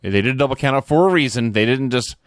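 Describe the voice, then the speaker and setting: Eager fan man, lively voice. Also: medium pitch, fast talker, clear, resonant tone, no echo, clean studio sound. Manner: enthusiastic fan, defends matches. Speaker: podcast co-host. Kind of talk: casual wrestling recap chat.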